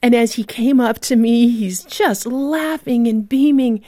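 A woman guest author telling a moving story in a radio interview, vivid and heartfelt, dropping to a hush at key moments. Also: fairly high pitch, unhurried, no echo, clean studio sound.

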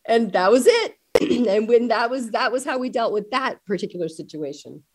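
A middle-aged woman, a parent guest in an interview, telling family stories with lively acted-out dialogue. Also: on the high side, normal speed, husky. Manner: animated storyteller acting out family dialogue. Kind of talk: conversational interview storytelling.

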